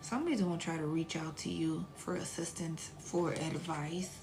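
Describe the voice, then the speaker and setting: A woman's voice: deep voice, steady tone, moderate pace, music in the background. A woman doing a casual tarot reading, chatty and blunt, sometimes dropping to a whisper and swearing freely. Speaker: tarot reader.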